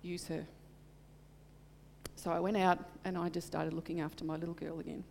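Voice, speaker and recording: Middle-aged woman, gravelly, preaching. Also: lowish voice, flat delivery, quick pace, a little mellow, in a large hall, slight background noise. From Australia. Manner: earnest, heartfelt storytelling. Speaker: church speaker. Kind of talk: sermon with personal testimony.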